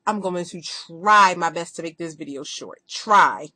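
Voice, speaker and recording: Woman, thirties, casual video diary, low voice, rambling and candid, dry sound. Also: bright, forceful tone, dry recording. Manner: chatty and candid, quick rambling talk with fillers. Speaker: vlogger.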